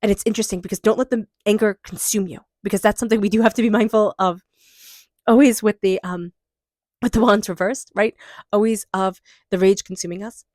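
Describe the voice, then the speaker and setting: A woman's voice: mid-range voice, fairly even intonation, fairly quick, darkish tone, no echo, studio quality. A woman giving an intuitive tarot reading in an emotional, earnest and encouraging way. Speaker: tarot reader.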